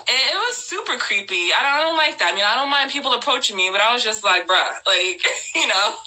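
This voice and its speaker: Bright-voiced woman telling a story. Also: a little high, fast talker, rough recording. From New Jersey, US. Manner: animated, laughing, slangy. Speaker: host. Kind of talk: casual live-stream storytelling.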